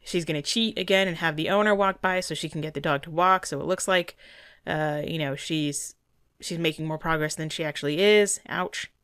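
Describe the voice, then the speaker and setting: A woman's voice: low voice, a little fast, fairly bright tone, smooth, no echo, studio quality. A woman dog trainer giving earnest, indignant commentary over a training video, often restarting her sentences.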